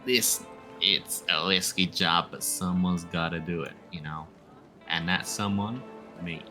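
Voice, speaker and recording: A man's voice: low-pitched, huge pitch swings, moderate pace, vocal fry, sharp tone, soft background music, exaggerated voice. A man voicing a swaggering frontier prospector who talks in a boastful, conspiratorial drawl. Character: swaggering male frontier prospector with a tall tale.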